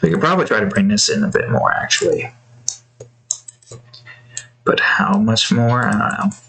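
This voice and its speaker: A man's voice: lowish voice, expressive, moderate pace, creaky, sharp tone, low-quality recording. A man thinking aloud while he draws, rambling with fillers and talking to his cat between remarks. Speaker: artist drawing on stream. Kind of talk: casual commentary while drawing.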